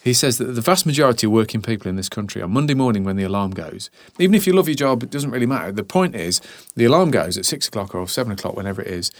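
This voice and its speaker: Deep-voiced man telling stories. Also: rapid-fire, hardly any pauses, no echo. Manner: animated storyteller who drops to hushed whispers for effect. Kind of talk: casual chat.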